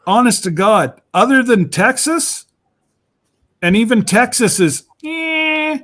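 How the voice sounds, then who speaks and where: A man's voice: high-pitched, animated, unhurried, fairly bright tone. A man chatting casually on a video call, rambling and laughing often. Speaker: regular on a group chat show. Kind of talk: casual chat.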